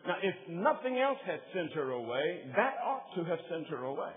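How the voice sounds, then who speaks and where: A man's voice: a little high, sing-song, brisk, hardly any pauses. A male preacher from the United States delivering an emphatic sermon, calling on the audience to repeat phrases. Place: large church meeting. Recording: tinny phone-like live recording.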